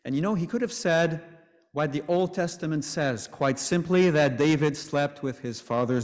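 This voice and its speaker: Chatty preacher in an echoing church. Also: male voice, a little high, normal speed. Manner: conversational, joking asides. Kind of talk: sermon.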